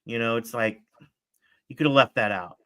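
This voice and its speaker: A man's voice: mid-range voice, moderate pace, a bit bright, no echo. A man hosting a casual podcast, chatting in a laid-back, rambling way that often trails off. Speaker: podcast host. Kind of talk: casual chat reacting to trailers.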